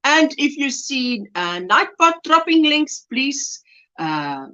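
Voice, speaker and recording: A chatty South African woman with a high, lively voice hosts a livestream at a slow pace. She laughs often and reads viewer comments aloud in casual chat.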